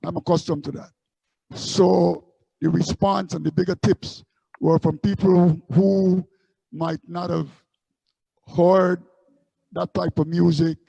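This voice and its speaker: Gravelly man telling stories. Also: high voice, level tone, takes it slowly, long pauses, mellow, dry recording, lo-fi sound. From Guyana. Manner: anecdotal, many fillers and repeats. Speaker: guest musician. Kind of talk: interview storytelling.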